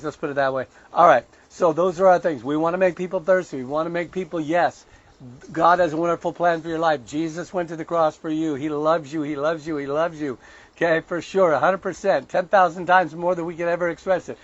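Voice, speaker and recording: Emphatic man preaching, lo-fi sound. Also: on the high side. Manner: conversational preaching, quotes scripture, emphatic asides. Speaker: online preacher and show host. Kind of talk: sermon-style commentary.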